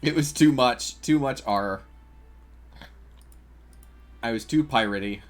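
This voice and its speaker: A man's voice: mid-range voice, slow pace. A man streaming a game, casual and joking, with frequent swearing. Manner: swearing, joking, laughs a lot. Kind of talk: casual live-stream commentary.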